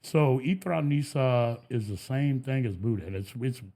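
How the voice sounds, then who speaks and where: A man's voice: mid-range voice, lively intonation, measured pace, warm tone. A man, a podcast guest, telling laid-back stories in casual chat and laughing often. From Texas.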